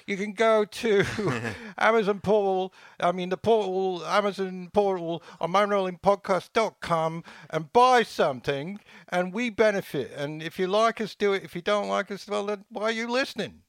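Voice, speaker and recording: Picture a mock posh English ad announcer, pitched up high and sing-song, as a man hams it up. He lays the accent on thick and gravelly, like a parody of a television commercial. The sound is dry and close. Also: normal speed, hardly any pauses, no room sound. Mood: hammy. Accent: put-on English. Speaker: podcast co-host.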